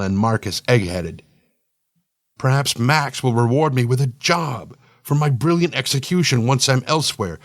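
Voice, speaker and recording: A man reading a first-person science-fiction story for an audio fiction show, playful and slangy, perking up on the exclamations. His voice sits mid-range. The sound is dry and close-miked, with no room echo. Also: medium pitch. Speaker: story narrator.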